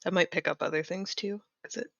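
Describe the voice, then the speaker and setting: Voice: mid-range voice, steady tone, fairly quick, vocal fry, bright, forceful tone, dry recording. A player at a tabletop game who chats and thinks aloud with lots of "like", recorded on a dull lo-fi mic. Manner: chatty, thinks aloud with many likes. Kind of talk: casual tabletop game talk.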